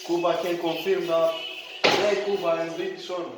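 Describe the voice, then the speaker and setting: A man's voice: fairly high pitch, little pitch movement, normal speed. A man from Romania with a Romanian accent, joking, boasting and swearing in casual chat while at his workplace. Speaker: vlogger. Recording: echoey room with loud music.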